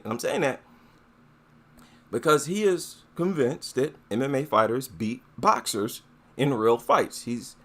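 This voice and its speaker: A man hosting a casual monologue commentary, talking in a slow, deliberate way with filler words and repeated phrases. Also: fairly bright tone. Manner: drawn-out emphasis, rising pitch on stressed points. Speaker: commentary channel host.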